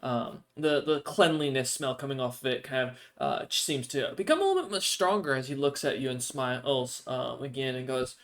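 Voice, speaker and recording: A man's voice: medium pitch, very animated, normal speed, few pauses, fairly bright tone. A man narrating a tabletop game as game master, speaking hesitantly with many fillers.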